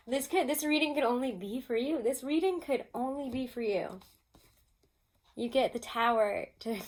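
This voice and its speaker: A woman giving a casual tarot reading at home, chatty and expressive, laughing often and throwing in mock-exasperated asides. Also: medium pitch. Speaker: tarot reader.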